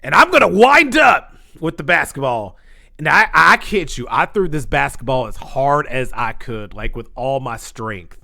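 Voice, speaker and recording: A man's voice: mid-range voice, normal speed, creaky. A man telling a casual story on his vlog in a dramatic way, full of slang and sound effects. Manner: animated, dramatic, acts out scenes and sound effects; casual slangy speech with lots of fillers. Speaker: storytelling vlogger.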